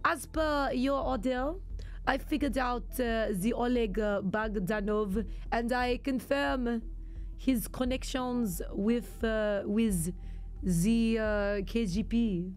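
A woman voicing an informant's report to a commander in a mock French accent, reading slowly and formally with hesitations. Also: a little high, a little mellow, soft background music.

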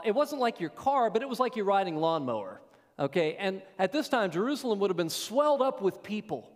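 A man preaching a sermon as pastor, telling stories in a folksy way and swinging from quiet asides to raised emphasis. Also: high voice. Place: church sanctuary. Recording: long hall reverb.

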